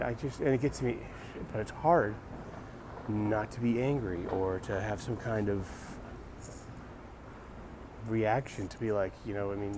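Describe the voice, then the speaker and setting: A man's voice: fairly low pitch, unhurried, long pauses, noisy background. A man hosting a casual morning monologue, rambling and wry, sighing and restarting his sentences. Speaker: host of a morning video show.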